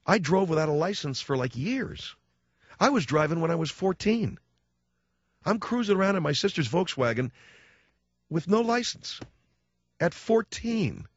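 A male talk radio host spins a sarcastic, animated story before taking calls. His voice is close and dry, with a slightly dull broadcast sound. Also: fairly high pitch, unhurried, pauses often, no echo. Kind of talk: talk radio monologue and call-in.

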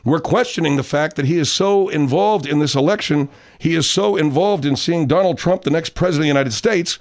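A man's voice: on the high side, brisk. A man hosting a comedic talk radio show, bantering with callers and guests in an exasperated tone.

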